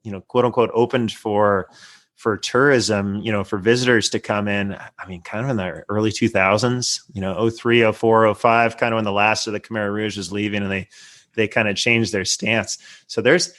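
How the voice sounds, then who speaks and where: A man's voice: fairly low pitch, fairly even intonation, moderate pace, a bit bright. A man from California, a guest on a podcast interview, talking casually in a rambling way full of you know and I mean. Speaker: guest, investor.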